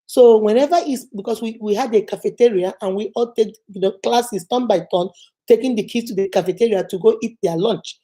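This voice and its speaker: A motivational vlogger with a mid-range voice speaks briskly, casually telling a personal story to the camera. She's animated and acts out the voices of the people she quotes.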